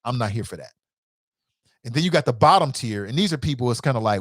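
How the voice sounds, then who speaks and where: A man hosting a call-in talk show, giving blunt, passionate commentary with swearing, dropping to low mutters and rising to sharp outbursts. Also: animated, quick pace, pauses often, no echo, clean studio sound. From Cincinnati. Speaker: show host.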